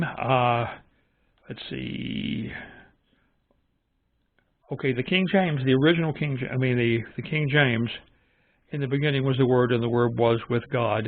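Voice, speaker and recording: A man hosting his own channel, giving casual, opinionated commentary in a musing, halting way. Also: mid-range voice, creaky, dry recording. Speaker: channel host reviewing Bible translations. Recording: dry, tinny phone-like audio.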